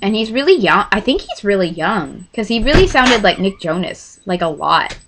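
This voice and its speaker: A woman's voice: mid-range voice, normal speed, background noise. A woman in her twenties casually telling a story, acting out what people said. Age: 20s. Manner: animated, acts out dialogue with quoted voices. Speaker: vlogger.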